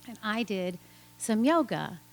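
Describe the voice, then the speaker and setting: A woman telling a personal story on stage in an animated way, laughing often and acting out the voices of people she quotes. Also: medium pitch, unhurried. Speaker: storyteller at a live story slam.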